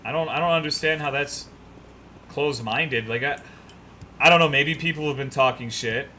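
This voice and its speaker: A young man streams a game, rambling casually and cursing as he reads chat messages out loud. His voice is fairly high and sharp at a normal speed, with slight background noise behind it.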